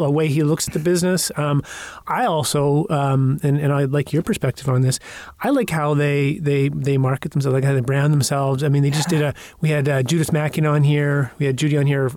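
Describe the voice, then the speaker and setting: A man co-hosts a podcast, circling his points with plenty of ums and restarts. His voice is a touch high and recorded dry and close. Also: a little mellow, dry recording. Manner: halting, full of fillers. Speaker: podcast co-host. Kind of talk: casual podcast chat.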